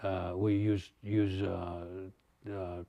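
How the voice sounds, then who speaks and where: A man recalling a recording session in an interview, speaking haltingly with many fillers and restarts. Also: deep voice, flat delivery, creaky, dry recording, narrow, tinny audio. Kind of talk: interview recollection.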